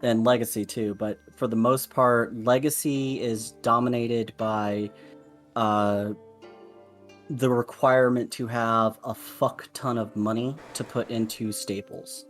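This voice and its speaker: Man on a voice call, casual rambling chat, hesitant fillers, medium pitch, faint music behind. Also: little pitch movement, slow, fairly bright tone.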